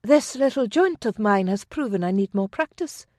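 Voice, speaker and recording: A woman voicing a fiery young noblewoman, defiant, sharp and scornful. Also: medium pitch, expressive, moderate pace, no echo, studio quality, voice pushed up, lightly acted. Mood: wary.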